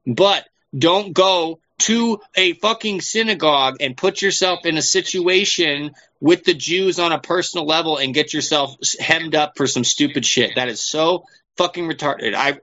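Bright-voiced man, rambling and profane. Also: a little high. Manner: profane, rambling, heavy on fillers. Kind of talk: casual chat. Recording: dull lo-fi recording.

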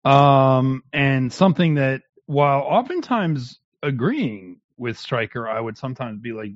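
A man, a guest on a livestream, giving heated, mocking commentary in an animated rant. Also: medium pitch, measured pace, few pauses, dry recording, muffled recording.

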